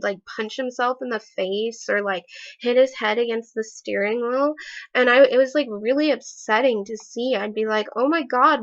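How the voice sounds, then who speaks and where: A woman's voice: a little high, a bit bright. A woman recounting a personal story in a casual vlog, hesitant, with many fillers and restarts. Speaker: vlogger. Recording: slightly dull lo-fi audio.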